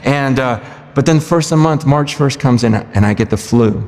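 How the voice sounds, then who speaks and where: A man preaching a sermon, telling a story in a lively, conversational way that breaks into shouts. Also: mid-range voice, normal speed, big-room sound. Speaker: pastor.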